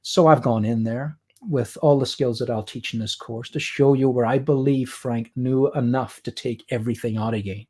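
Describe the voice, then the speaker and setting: A man's voice: mid-range voice, steady tone, normal speed, hardly any pauses, a little mellow, husky. A man with an Irish accent, a guest artist chatting and explaining while he draws on a livestream. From Ireland. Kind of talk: drawing demo chat on a livestream.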